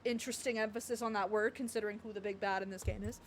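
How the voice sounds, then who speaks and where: A woman's voice: mid-range voice, steady tone, very fast, a little hiss or hum. A young woman streaming a game, chatting and reading lines aloud, laughing and snorting often. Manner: giggly, bursts into laughter and snorts.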